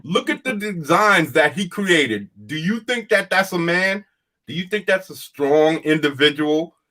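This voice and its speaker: A fired-up man rants on a casual talk show with a fairly high voice that swings widely in pitch. He hammers his points home by repeating them and talks in a plain, folksy way, laughing as he goes. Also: expressive, a little slow, sharp tone. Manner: emphatic, repetitive, ranting, laughs often.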